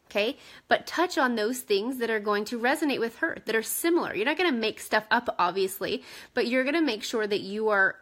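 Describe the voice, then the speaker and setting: A woman in her thirties coaches her team in an energetic, chatty way, speaking from home. Her voice sits somewhat high and has a crisp, forceful brightness, and she keeps checking in with her listeners as she goes. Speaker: direct sales team leader. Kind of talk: casual coaching talk to camera.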